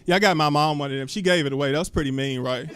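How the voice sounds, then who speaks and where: A man works a small club crowd with a loose, rambling stand-up set, his voice sitting high for a man. He cusses casually and keeps tossing questions at the audience. The sound from his handheld mic is close and dry. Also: rapid-fire, fairly bright tone, clean tone, dry recording. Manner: loose, chatty, asks the crowd lots of questions, cusses freely. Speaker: stand-up comedian. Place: small comedy club stage. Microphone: handheld stage mic.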